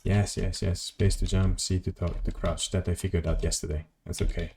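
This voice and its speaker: A man's voice: sits low, flat delivery, normal speed, gravelly, warm tone, slight background noise. A man streaming a video game, rambling casually to his chat and swearing at mishaps. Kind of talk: casual gameplay commentary.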